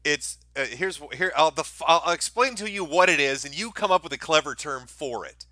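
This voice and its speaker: A man's voice: a little high, expressive, a little fast, bright, forceful tone, no echo. A man hosting a commentary show, talking in a mocking, sarcastic, profane way.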